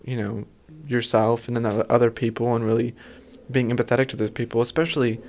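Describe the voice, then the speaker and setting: A man's voice: mid-range voice, steady tone, fairly quick, a little mellow, slight background noise. A man hosting a casual conversation, reflective and somewhat hesitant, with many fillers as he asks questions. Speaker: host.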